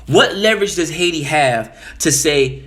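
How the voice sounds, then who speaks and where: A man's voice: a little high, animated, unhurried, fairly bright tone. A man giving a casual political monologue, emphatic, often repeating and restarting phrases. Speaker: commentator.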